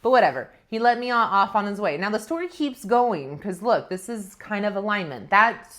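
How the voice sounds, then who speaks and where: A woman's voice: mid-range voice, sing-song, normal speed, a bit bright. A woman vlogger chatting straight to camera and spinning a personal tale. She talks in a loose, self-mocking way and breaks into laughs often. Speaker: spiritual vlogger. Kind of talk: casual storytelling vlog.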